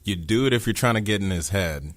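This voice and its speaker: A man's voice: low voice, animated, fast talker. A man co-hosting a combat sports podcast, chatting casually with wry, dry quips. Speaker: podcast co-host.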